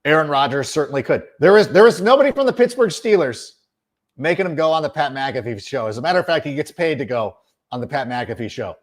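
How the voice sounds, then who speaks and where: Sarcastic middle-aged sports podcast host. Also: male voice, fairly high pitch, very animated, fast. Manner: exasperated, sarcastic, emphatic. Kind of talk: ranting sports commentary.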